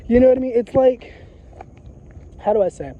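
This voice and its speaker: Casual vlogger, male, high voice, dull lo-fi audio, rambling and profane. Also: expressive, moderate pace, slight background noise. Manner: profane, repetitive, emphatic, frequent filler phrases. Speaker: psychic vlogger. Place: outdoors in a graveyard.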